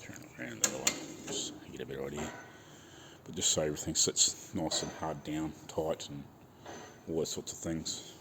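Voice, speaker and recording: A man's voice: rumbling low, fairly even intonation, moderate pace, heavy background noise. A man, easygoing, explaining his body work as he does it in his home garage. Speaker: car restorer. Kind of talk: casual workshop commentary.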